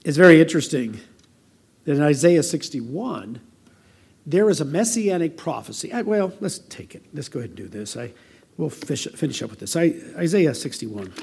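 An older American man delivering a sermon as pastor, conversational and anecdotal, with a gravelly voice. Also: on the high side, sing-song, moderate pace, darkish tone. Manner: conversational preaching with personal anecdotes.

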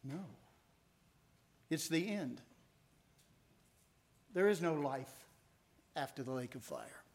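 Middle-aged man, preaching a sermon, slightly high voice, conversational, builds to emphatic peaks. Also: lively intonation, slow pace, vocal fry. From United States. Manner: conversational, asks the congregation rhetorical questions; rises to emphatic peaks on key points. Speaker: pastor.

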